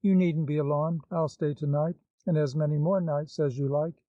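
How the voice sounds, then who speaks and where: Give me a bold, mischievous young woman with glib assurance, as a man reads her, slightly high, mellow voice. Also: steady tone, moderate pace, no room sound, natural voice. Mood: playful mocking. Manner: glib, mocking. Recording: slightly dull, dry recording.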